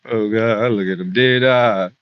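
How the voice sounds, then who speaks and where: A man delivering a profane, animated comedic monologue, often exclaiming. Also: lowish voice, moderate pace, no echo, dull audio.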